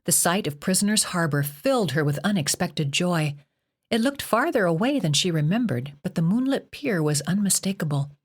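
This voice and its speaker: Woman narrating an audiobook, lower voice. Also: animated, normal speed, breathy edge. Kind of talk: scripted narration.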